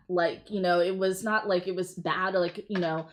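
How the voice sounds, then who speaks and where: A woman's voice: on the low side, steady tone, normal speed. American woman co-host, casual and giggly, reads reviews aloud. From United States. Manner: laughing, chatty, reads reviews aloud with amusement. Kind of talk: casual chat reading reviews.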